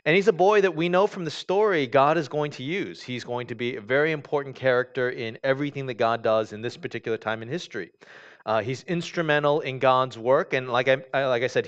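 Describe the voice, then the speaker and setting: A male pastor delivers a sermon in a relaxed, conversational way, reading scripture aloud. He often restarts his sentences and uses fillers. His voice sits at an average pitch, and the recording sounds dull and lo-fi. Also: clean tone.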